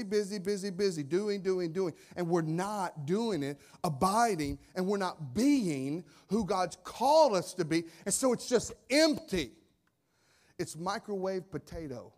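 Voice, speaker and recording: A male pastor preaching a sermon, swinging from soft asides to loud emphatic lines and repeating phrases for effect. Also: high-pitched. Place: church sanctuary.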